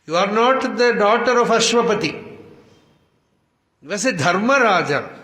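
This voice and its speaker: A man giving an unhurried, reflective spiritual discourse, reciting Sanskrit verses as he explains them. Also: sits high, lively intonation, sharp tone. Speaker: spiritual teacher. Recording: echoey hall reverb.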